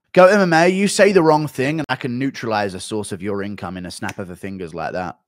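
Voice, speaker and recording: A man streaming live and reading chat messages aloud, crude and deadpan with mumbled asides. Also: on the low side, a little fast, few pauses, dry recording, clean studio sound.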